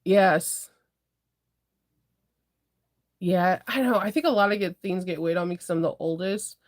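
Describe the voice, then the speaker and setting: A woman's voice: lowish voice, normal speed. A young adult woman hosting a casual sewing livestream, chatting with viewers in a rambling way and laughing often. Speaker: livestream host, sewing shop owner.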